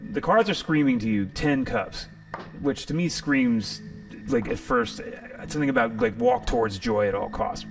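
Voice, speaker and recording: A man's voice: medium pitch, creaky, recorded from a distance. A man hosting a live tarot reading stream, rambling and jokey, sometimes profane. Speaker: tarot reader and stream host.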